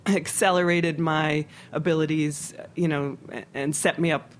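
A man's voice: a little high, a little slow, a little hiss or hum. A middle-aged man from Philadelphia, a chef telling stories in an interview with lots of fillers and restarts. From Philadelphia, United States. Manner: rambling and animated, with many restarts and fillers. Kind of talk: casual storytelling interview.

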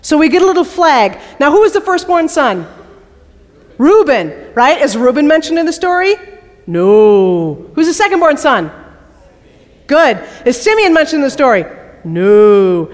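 A woman preacher delivers a sermon in a big worship hall, her fairly high voice carrying a long reverberant tail. She tells the story with lively, playful asides and quizzes her listeners as she goes. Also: measured pace.

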